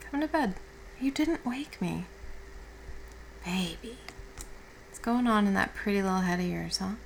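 Casting: woman as a just-woken girlfriend, soothing and affectionate, slight vocal fry, mid pitch, audio role-play. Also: animated, measured pace, a little hiss or hum, poor audio. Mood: tender. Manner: soft, tender and reassuring, with casual swearing. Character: affectionate young woman, the listener's caring girlfriend.

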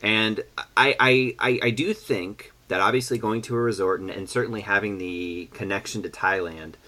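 Chatty guy hosting a podcast, lowish voice, bright and forceful tone. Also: normal speed. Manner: animated, chatty, lots of fillers and restarts. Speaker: podcast host. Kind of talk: casual chat, guessing game.

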